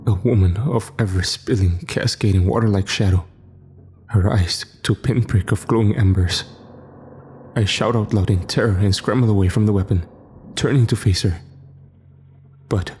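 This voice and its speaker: Dark-voiced male horror narrator. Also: fairly low pitch, a little hiss or hum. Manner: grave, measured first-person storytelling. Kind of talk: scripted horror story narration. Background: faint music.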